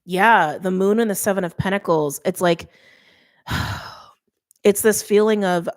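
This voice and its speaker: A woman's voice: on the low side, a little slow, long pauses. A young adult woman giving a chatty, emphatic tarot reading, interrupting herself often. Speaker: tarot reader.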